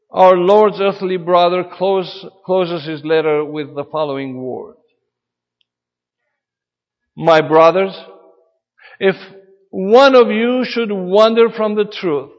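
Male preacher, high voice, slow deliberate sermon; dull recording with long hall reverb. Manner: earnest, emphatic preaching with rising and falling emphasis.

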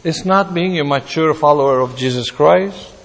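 A man's voice: on the high side, moderate pace. A male pastor preaching a sermon in a conversational way, acting out the voices of imagined listeners. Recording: long hall reverb.

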